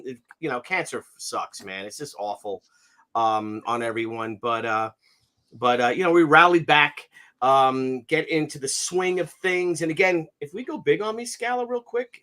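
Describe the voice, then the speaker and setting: A man's voice: fairly high pitch, measured pace. A man in his fifties hosting a casual live stream, joking and telling anecdotes. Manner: jokey, animated, tells gags and anecdotes. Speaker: stream host.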